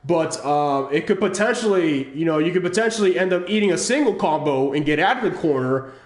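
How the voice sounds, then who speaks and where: A man giving casual commentary over footage of his own fighting-game match, explaining his choices in a halting way with frequent restarts. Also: fairly high pitch, lively intonation, roomy sound. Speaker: channel host analyzing his own match.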